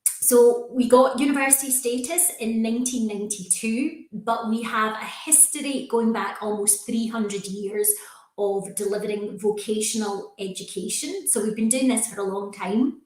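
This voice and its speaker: A woman's voice: fairly high pitch, moderate pace, darkish tone, reverberant, rough recording. A woman with a Scottish accent, a university recruitment manager, presenting in a friendly, reassuring way in a webinar.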